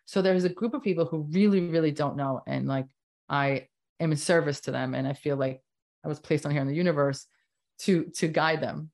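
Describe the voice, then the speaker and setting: A woman in her fifties, a doctor speaking as a podcast guest, talking emphatically in animated bursts. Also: low voice, fairly quick. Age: 50s. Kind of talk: casual interview talk.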